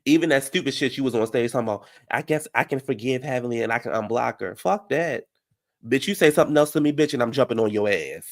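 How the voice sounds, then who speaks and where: A man giving brash, profane reality TV recap commentary, heated and animated. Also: medium pitch, fast.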